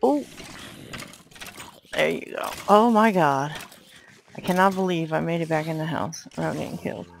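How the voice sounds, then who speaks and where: A woman giving let's play commentary, yelling at enemies and muttering to herself. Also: deep voice, a little fast, creaky, slight background noise, poor audio. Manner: exclaims and yells at enemies, then mutters to herself. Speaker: gamer.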